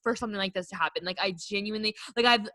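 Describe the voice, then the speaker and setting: A young woman co-hosting a podcast tells a story in casual chat, racing along in a bright, forceful, medium-pitched voice. The recording is dry, and she's a chatty storyteller who fills her talk with "like."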